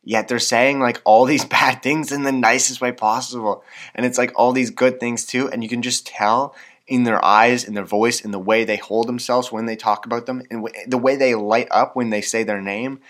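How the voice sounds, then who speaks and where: A man's voice: medium pitch, steady tone, moderate pace, a bit bright. A man in his twenties with a Canadian accent, hosting a casual solo podcast, rambling and self-deprecating with lots of fillers. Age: 20s. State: hyped up on coffee. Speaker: podcast host.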